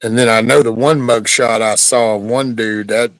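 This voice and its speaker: This middle-aged livestream host chats casually from his home near a backyard chicken coop, rambling in a laid-back manner and scolding his dog mid-sentence now and then. His mid-range voice has fairly even intonation at normal speed, on poor audio with no echo.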